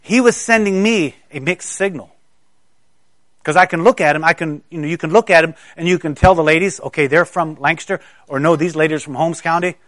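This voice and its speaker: Higher-pitched man preaching from South Carolina. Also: brisk, fairly bright tone, no echo. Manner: conversational storytelling, stammering restarts. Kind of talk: sermon.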